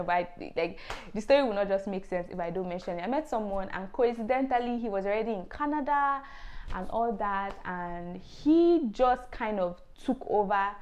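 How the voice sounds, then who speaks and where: A woman's voice: mid-range voice, muffled recording. Young woman vlogging her story, earnest and emotional, lots of likes and ums. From Nigeria. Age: young adult. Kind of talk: personal testimony vlog.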